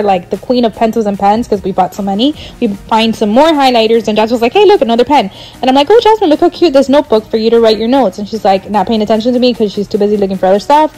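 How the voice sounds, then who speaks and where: A woman's voice: fairly high pitch, a little mellow, rough recording. A woman in her thirties, a mom narrating a vlog voiceover in a chatty storytelling way, quoting her family in shifting voices.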